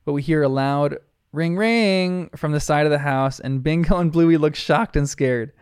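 Guy doing a thoughtful episode recap, slightly high voice, super dry close sound. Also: moderate pace, clear, resonant tone, no room sound. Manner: earnest, reflective retelling with soft laughs. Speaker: show reviewer.

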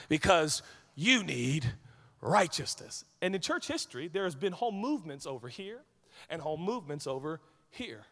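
A man preaching a sermon as pastor, animated, swinging from quiet asides to shouted peaks. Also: high-pitched, normal speed. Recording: hall reverb.

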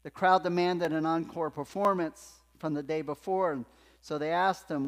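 Guy preaching a sermon, kinda high voice, goes quiet then loud, big church reverb. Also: fairly even intonation, moderate pace. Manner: emphatic preaching, swings from hushed to loud. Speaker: pastor. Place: church sanctuary. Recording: long hall reverb in a church.

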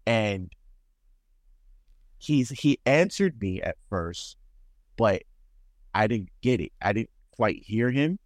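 A man co-hosting a casual podcast, telling a work story with animated, swear-laced reenactments. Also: slow, pauses often, no echo, studio quality. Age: adult, calls himself too old for that. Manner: animated, acts out quotes with sharp pitch jumps, swears freely. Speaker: podcast co-host.

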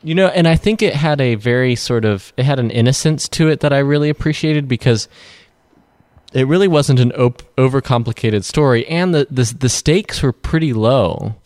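A man's voice: mid-range voice, moderate pace, darkish tone, no echo. A man in casual conversation about a film, talking in a rambling, chatty way with frequent restarts. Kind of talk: casual film review chat.

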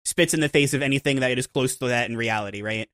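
A man's voice: medium pitch, fast. A man co-hosting a podcast, talking animatedly about a film and acting out lines from it. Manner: animated, acts out characters' lines. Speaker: podcast co-host. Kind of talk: casual film discussion.

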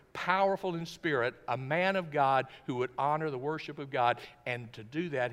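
A man's voice: fairly high pitch, a bit bright. A male pastor preaching a sermon in a church sanctuary, emphatic and full of rhetorical questions. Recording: long reverb of a church hall.

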